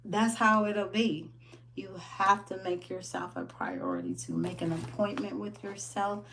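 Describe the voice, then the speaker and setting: A woman giving a casual motivational wellness talk, animated and full of laughter as she acts out stories. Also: mid-range voice, measured pace, slight background noise. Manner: animated storytelling, laughs often, acts out quotes. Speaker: wellness business owner.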